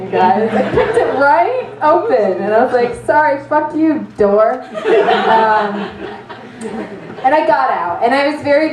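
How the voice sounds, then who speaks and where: A woman doing stand-up, her voice set a little high and heard from back off the mic in a roomy space. She tells her story in an animated, self-mocking way and swears freely, with a faint hum of ambience under her. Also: far from the mic. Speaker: stand-up comedian.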